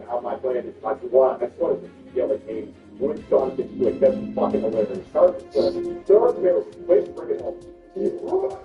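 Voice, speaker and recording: A man commentating a hockey video game play by play, swinging from calm calls to loud outbursts and cursing, from Canada. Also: fairly high pitch, reverberant, distant mic, muffled recording. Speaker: gaming commentator.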